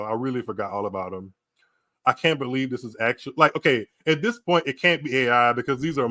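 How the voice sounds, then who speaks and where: A man's voice: mid-range voice, no room sound, clean studio sound. An American man hosting a tennis podcast, reacting to pictures on a live stream with frequent laughter and exclamations. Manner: laughing often, animated reactions, slow drawn-out delivery. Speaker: podcast host. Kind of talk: casual live-stream commentary. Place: small room at home, streaming.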